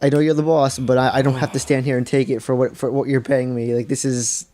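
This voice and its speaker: In casual chat on his podcast, this co-host is a fast talker with a mid-range voice. He spins an animated story full of swearing and acted-out lines of dialogue.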